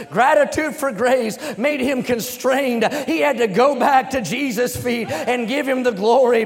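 High-voiced preacher in a reverberant hall. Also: male voice. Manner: impassioned preaching, rises to shouts and sing-song cadence. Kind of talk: sermon.

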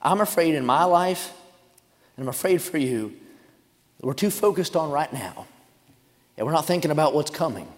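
A man preaching a revival sermon in a church sanctuary, shouting and chanting his points, then dropping into quieter storytelling asides. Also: a little high, animated, moderate pace, long pauses. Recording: long hall reverb.

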